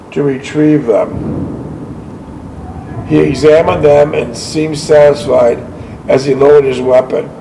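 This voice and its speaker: A man's voice: mid-range voice, creaky, mellow, slight background noise, poor audio. A man hosting a show, reading a veteran's war memoir aloud with short asides, often stumbling and correcting himself. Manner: halting reading with frequent self-corrections.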